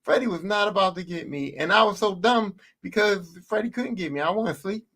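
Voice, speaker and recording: Bright-voiced man telling animated stories. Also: sits high, a little fast. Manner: animated, profane and repetitive. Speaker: podcast host. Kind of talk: casual storytelling monologue.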